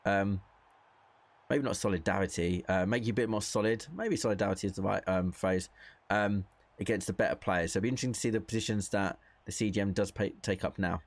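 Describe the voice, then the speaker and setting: A man's voice: fairly low pitch, a little fast. A young man giving casual gameplay commentary, thinking aloud in a chatty way and reacting to the play as it happens. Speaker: gaming content creator.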